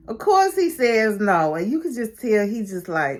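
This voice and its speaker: A woman's voice: on the high side, very animated, slow pace, pauses often. A woman recapping a reality show in casual, gossipy talk, laughing often. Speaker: recap vlogger.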